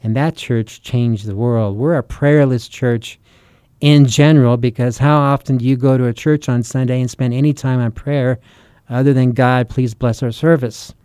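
A man's voice: medium pitch, fairly even intonation, moderate pace, warm tone, clear, resonant tone, dry recording, clean studio sound. A man, a Christian author and preacher, delivering an earnest, urgent sermon full of rhetorical questions. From United States. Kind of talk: sermon-style teaching.

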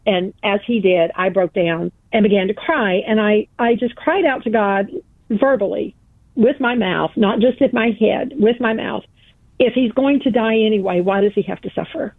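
A woman's voice: mid-range voice, no room sound. A woman guest telling a personal story in an interview, earnest and emphatic, repeating phrases for weight. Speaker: guest author. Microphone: phone call. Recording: tinny phone line, dry.

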